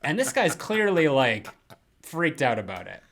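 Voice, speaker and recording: A young man co-hosting a casual film podcast, rambling and animated, mocking characters in quick put-on quotes. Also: on the high side. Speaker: podcast co-host.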